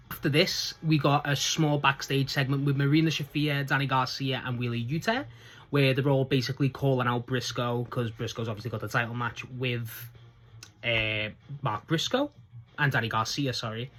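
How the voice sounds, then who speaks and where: A man's voice: mid-range voice, normal speed, fairly bright tone. A man giving a casual solo review recap, chatty and rambling, gushing enthusiastically and laughing as he goes. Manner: enthusiastic, gushing about favourites. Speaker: wrestling show reviewer.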